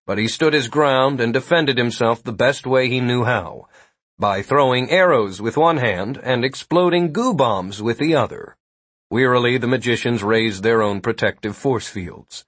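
A man narrating a fantasy story in a measured audiobook style. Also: mid-range voice, a bit bright, dry recording. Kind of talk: scripted narration.

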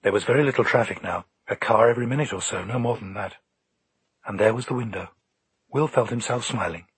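A man narrating an audiobook in a calm, measured storytelling manner. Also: on the low side, husky.

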